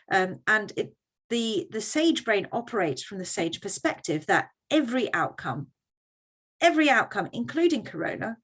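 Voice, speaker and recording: A woman's voice: medium pitch, slightly rough. A woman presenting a workshop in a conversational teaching style, often checking in with her audience.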